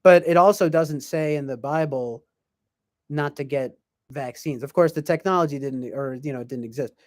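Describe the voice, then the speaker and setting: A man's voice: a little high, moderate pace, no echo, clean studio sound. A man hosting a podcast, talking in a casual, rambling way with lots of fillers and restarts. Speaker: podcast host.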